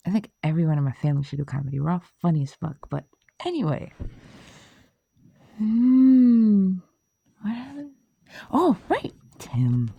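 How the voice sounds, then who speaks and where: A woman's voice: sits low, gravelly, dark tone, breathy edge, dry recording. A woman chatting casually in a rambling way, swearing, laughing often and losing her train of thought. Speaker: vlogger.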